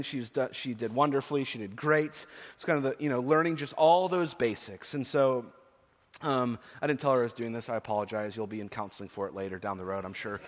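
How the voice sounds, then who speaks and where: A man in his forties preaches to his congregation in a voice of ordinary middle pitch, earnest and emphatic, and he slips into chatty personal asides. His words ring out with the long reverb of a church hall. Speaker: pastor. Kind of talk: sermon. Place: church sanctuary.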